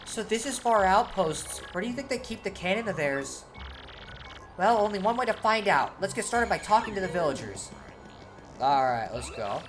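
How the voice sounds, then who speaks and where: A woman's voice: low-pitched, big pitch swings, a little fast, rough recording. A woman streaming a video game, chatting casually and swearing as she thinks aloud. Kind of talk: let's-play commentary. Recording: game music behind.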